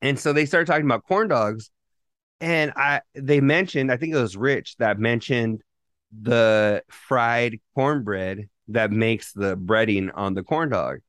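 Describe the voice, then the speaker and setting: A man's voice: mid-range voice, measured pace, fairly bright tone. A man co-hosting a casual podcast, telling loose stories packed with profanity and restarts. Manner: loose, profanity-heavy storytelling with rambling restarts. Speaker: podcast co-host. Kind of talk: casual chat.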